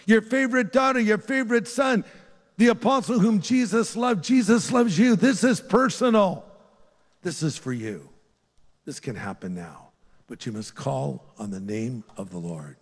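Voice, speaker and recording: An older man preaching to a congregation, his slightly high voice carrying a long reverb through a big hall. He pleads earnestly, lifting on the words he stresses and falling quiet and gentle when he turns to prayer. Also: normal speed. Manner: earnest, pleading, lifts his voice on key phrases and drops soft for prayer. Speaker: pastor. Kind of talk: sermon closing in an altar-call prayer. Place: large church hall with a live congregation.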